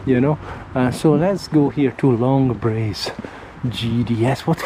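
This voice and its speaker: A man in the middle pitch range gives a casual walking vlog in a loose, friendly ramble. He trips over words and starts again as he points at houses and gardens. Passing cars and street noise sit clearly behind him outdoors. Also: extremely slow. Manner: rambling, chatty, friendly, often restarts. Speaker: vlogger. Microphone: handheld camera while walking.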